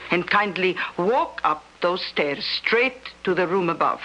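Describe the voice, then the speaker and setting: Cast: greedy old female medium, bright voice, crafty, radio play. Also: fairly low pitch, lively intonation, unhurried, slight background noise, rough recording. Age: older. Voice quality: crafty, haggling, claims to be hard of hearing. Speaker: fortune-telling medium. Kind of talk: 1970s radio drama acting.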